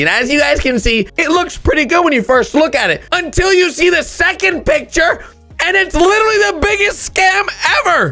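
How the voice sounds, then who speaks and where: High-voiced, gravelly young man hosting a vlog. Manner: animated, exaggerated, bursts into shouts. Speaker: YouTube reaction host. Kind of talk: casual comedic commentary on photos.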